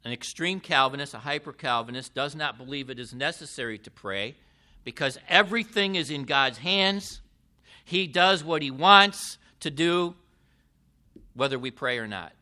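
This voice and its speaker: A man preaching a sermon in a deliberate way, with emphatic rises and falls. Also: medium pitch, lively intonation, pushed and bright.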